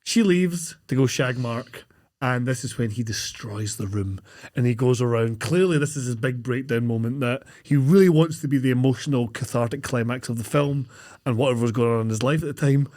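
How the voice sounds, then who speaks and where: A man's voice: medium pitch, a little fast, a little mellow. A man co-hosting a podcast, recapping a film in casual chat, swearing freely and laughing through his acted-out quotes. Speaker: podcast co-host.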